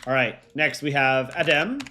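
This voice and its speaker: A man's voice: mid-range voice, big pitch swings, unhurried, pushed and bright, faint music behind. A young man hosting a livestream, chatting casually and rambling with lots of fillers. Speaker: livestream host.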